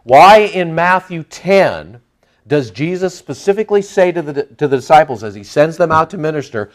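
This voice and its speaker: A man giving a conversational Bible teaching, asking his listeners rhetorical questions and reading scripture aloud louder and slower. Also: a little high, expressive.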